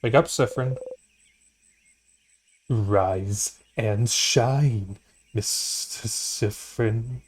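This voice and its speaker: A man doing a slow, drawling mysterious stranger. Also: fairly low pitch. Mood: ominous. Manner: slow, drawn-out, half-whispered. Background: game music.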